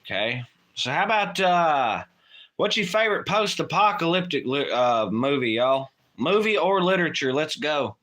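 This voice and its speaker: A man's voice: fairly high pitch, big pitch swings, normal speed, a bit bright. A man co-hosting a late-night livestream, chatting casually in a rambling, profane way and laughing often. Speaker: livestream co-host.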